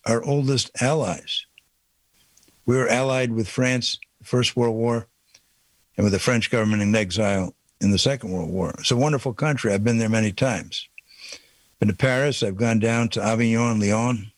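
A man's voice: mid-range voice, no echo. A man delivering an indignant political opinion monologue, pressing his points with repeated rhetorical questions. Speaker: political commentator.

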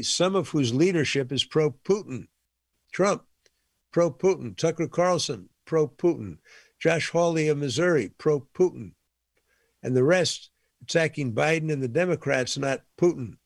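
A man's voice: on the high side, moderate pace, dry recording, studio quality. A man giving impassioned political commentary, emphatic and repeating his points for force.

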